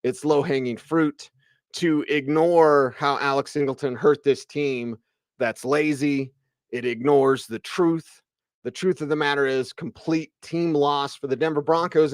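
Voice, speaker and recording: Male sports radio host, slightly high voice, dry studio sound, opinionated and punchy, keeps firing rhetorical questions. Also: no echo. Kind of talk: postgame sports talk rant.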